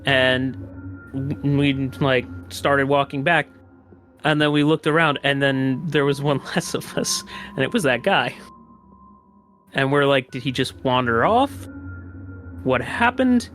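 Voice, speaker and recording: A man's voice: medium pitch, little pitch movement, a little slow, fairly bright tone, faint music behind. A man guesting on a podcast, telling a story in a casual, rambling way with lots of fillers, restarts and swearing.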